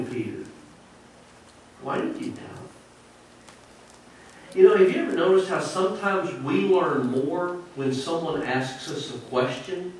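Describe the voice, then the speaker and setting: Preacher, male, fairly high voice, earnest conversational delivery; church recording, echoey and off-mic. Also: slight background noise. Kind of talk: sermon. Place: church sanctuary. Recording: echoey church audio from a distance.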